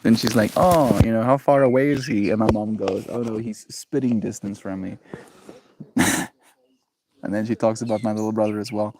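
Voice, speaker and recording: A man's voice: mid-range voice, normal speed, a little mellow, no room sound. A man on a daily livestream, chatting in a rambling, playful way, laughing often and reading viewer messages aloud. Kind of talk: casual livestream chat.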